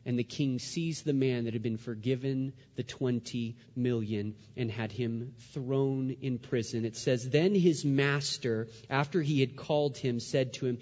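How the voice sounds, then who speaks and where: A man preaching a sermon, dramatic, dropping to a hush and then rising loud. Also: medium pitch, steady tone, a little slow, few pauses, in a large hall, dull audio. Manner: dramatic, swings from hushed to loud.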